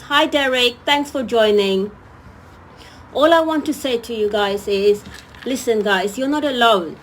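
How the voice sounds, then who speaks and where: A woman hosting a live-stream talk, speaking earnestly and pleading with her viewers, often repeating herself. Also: sits high. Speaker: host.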